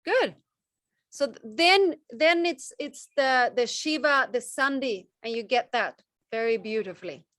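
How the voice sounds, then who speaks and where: A woman teaching Sanskrit chant pronunciation on a video call, gentle and encouraging, halting with many restarts. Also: a little high, expressive, dry recording.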